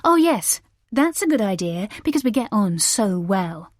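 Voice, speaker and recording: A woman voicing an irritable, scheming young mother in an audiobook, with a sharp, sarcastic manner. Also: mid-range voice, moderate pace, dry recording, clean studio sound, lightly acted.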